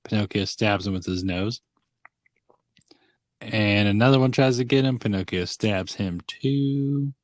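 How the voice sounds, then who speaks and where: A man's voice: fairly low pitch, dry recording. A man co-hosting a podcast, casually recapping a film scene by scene and laughing along. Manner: laughing, recaps scenes with quick quoted voices. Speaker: podcast co-host.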